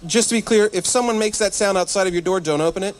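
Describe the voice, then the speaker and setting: A man in his thirties doing stand-up comedy at a live church event, animated and self-deprecating, talking straight to the crowd. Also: sits high, quick pace. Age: 30s.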